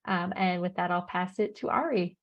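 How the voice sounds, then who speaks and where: A woman's voice: on the low side, normal speed, muffled recording. A woman working as a customer success manager, greeting a webinar on a video call in an upbeat, welcoming way. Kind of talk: casual webinar talk.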